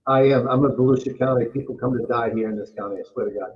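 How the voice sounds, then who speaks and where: A man from Massachusetts co-hosting a casual real estate chat, emphatic and quick to agree. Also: medium pitch, fairly even intonation, lo-fi sound. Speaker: real estate agent, co-host.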